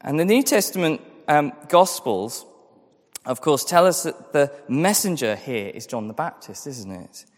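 Pastor, male, fairly high voice, earnest sermon delivery, echoing hall. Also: very animated, unhurried. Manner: earnest, repeats phrases for emphasis.

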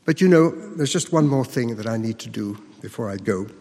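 A man performing a first-person monologue as a disciple recounting the crucifixion, speaking earnestly with emphatic dramatic pauses. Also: mid-range voice, expressive, dark tone, long reverb tail.

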